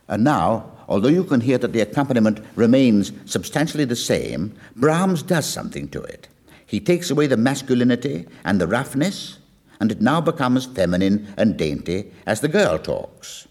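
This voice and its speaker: A man explains a song to his listeners, telling its tale with an animated, rising and falling voice. He slips into the characters' lines as he goes, and his speaking pitch sits in the middle range. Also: moderate pace. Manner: storytelling, lively, acts out quoted lines. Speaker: music lecturer. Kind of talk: explaining a song with acted quotes.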